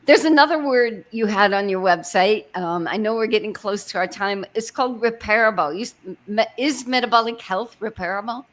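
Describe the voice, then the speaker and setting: A woman's voice: mid-range voice, fairly quick, hardly any pauses. A woman from Arizona hosting a livestream interview, friendly and a little hesitant, with many small fillers. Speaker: host.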